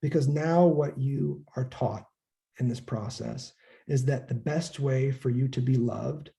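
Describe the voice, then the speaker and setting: Man lecturing casually, very dark mellow tone, relaxed and conversational, drops the odd curse word. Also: mid-range voice, unhurried, creaky. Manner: casual, conversational, acts out quoted voices, occasional profanity. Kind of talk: informal lecture.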